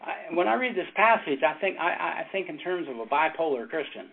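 Pastor, rambling storyteller, slightly high male voice, phone-thin audio. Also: big pitch swings, gravelly. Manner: rambling storyteller, halting restarts, chuckles often. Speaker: pastor and former Navy chaplain. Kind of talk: informal Bible study teaching. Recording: tinny phone-like sound with faint noise.

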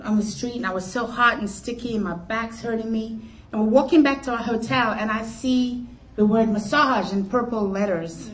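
A middle-aged woman telling a comic story to a luncheon crowd in a chatty, animated way, laughing as she goes. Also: medium pitch. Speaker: luncheon speaker. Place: conference luncheon hall. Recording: echoey hall from far off, room noise.

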